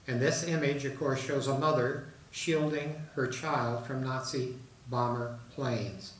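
A man giving a talk to an audience on an artist, pausing often with uh and um. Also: mid-range voice, steady tone. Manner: halting, with many uh and um fillers. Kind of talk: presentation to an audience. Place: hall in a retirement residence. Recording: roomy hall, mic at a distance.

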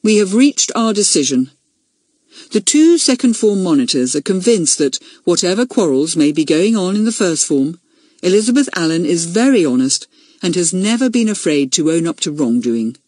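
A woman voicing a schoolboy who chairs a school meeting, firm and measured. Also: lowish voice, sing-song, darkish tone, no room sound, studio quality. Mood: stern.

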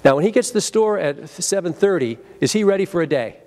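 A man's voice: high-pitched, fast. A man presenting a live sales training seminar at a convention, acting out phone greetings and drawing the room into call-and-response. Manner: energetic, acts out phone greetings, leads audience call-and-response.

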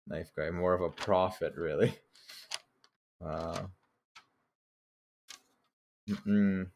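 Young man, low voice, unhurried, laid-back joking commentary with casual swearing. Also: steady tone, darkish tone. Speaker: artist reviewing his childhood drawings.

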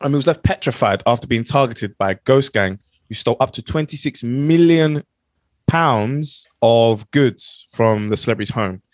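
A man's voice: medium pitch, moderate pace, no echo, clean studio sound. A man with a South London accent hosting a podcast, joking and telling a story with many fillers. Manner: jokey, pun-making, hesitant with many fillers. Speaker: podcast host. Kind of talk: casual chat, telling a news story.

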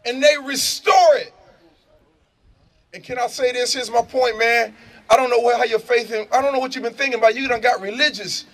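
A middle-aged man, preaching and telling stories loudly to a prison crowd, shouting and laughing in street slang. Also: very high-pitched, normal speed. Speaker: motivational speaker. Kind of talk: animated preaching and storytelling. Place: prison gathering space.

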